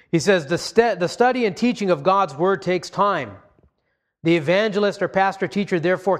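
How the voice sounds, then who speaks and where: Man, slightly high voice, earnest sermon delivery, measured pauses. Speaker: pastor.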